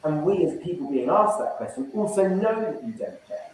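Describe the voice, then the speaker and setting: A man's voice: high-pitched, animated, moderate pace, darkish tone, far from the mic, slight background noise. A man running an online sales training session, coaching and acting out phone call openers. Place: room, online event. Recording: very echoey room.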